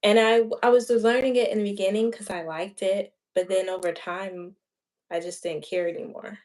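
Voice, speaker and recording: A woman's voice: mid-range voice, little pitch movement, normal speed, darkish tone. A woman hosting a channel, chatting casually in a rambling, thinking-aloud way with many fillers. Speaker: channel host. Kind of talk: casual chat.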